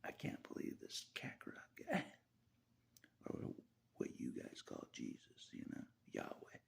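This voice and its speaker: A man talking through a rambling personal monologue, chuckling often and dropping into half-whispered asides. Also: measured pace. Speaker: vlogger.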